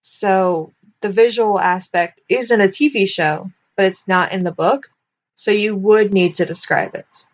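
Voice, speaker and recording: A woman's voice: mid-range voice, unhurried. Chatty young woman reviewer. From United States. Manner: chatty, many filler likes, nitpicky asides. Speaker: book reviewer. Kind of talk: casual commentary.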